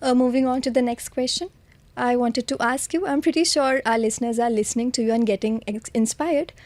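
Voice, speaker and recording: A woman's voice: fairly high pitch, brisk, darkish tone, dry recording. A woman hosting a podcast interview, an encouraging interviewer who affirms her guest's answers. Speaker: podcast host.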